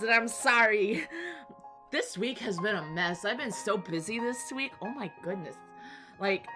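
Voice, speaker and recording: A woman streamer chatting casually with her viewers, rambling and apologizing often. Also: a little high. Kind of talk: casual live-stream chat. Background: soft background music.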